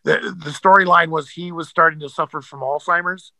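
A man's voice: a little high, fairly even intonation, fairly quick, bright, forceful tone, no echo, poor audio. A man, an actor, telling stories as a guest in a casual interview, rambling with many fillers and restarts.

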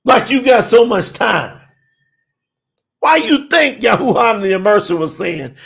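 A man preaching an urgent sermon, shouting and pleading with his listeners. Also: very high voice, sing-song, unhurried, creaky. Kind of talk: fiery sermon.

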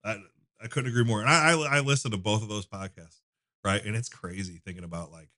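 A man with a very low, deep voice tells stories in a relaxed, rambling way. He is a shop owner talking as a podcast guest, restarting his sentences often. He sounds like a man in his thirties. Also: brisk. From United States. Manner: loose storytelling with frequent fillers and restarts. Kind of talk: casual conversation.

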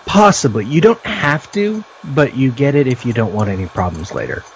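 A man's voice: medium pitch, very animated, normal speed, a little hiss or hum, poor audio. A man from the United States co-hosting a casual film discussion, analytical and pointing out visual details. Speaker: podcast co-host.

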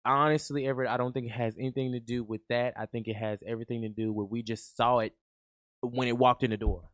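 A man's voice: mid-range voice, fairly even intonation, fast, fairly bright tone, no room sound. A man co-hosting a podcast in loose, joking chat, a little tipsy, laughing often. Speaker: podcast co-host. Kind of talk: casual chat.

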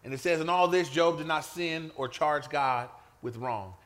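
A man preaching a sermon to a men's gathering, lively and conversational, often calling out for an amen. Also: fairly high pitch, moderate pace. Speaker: pastor.

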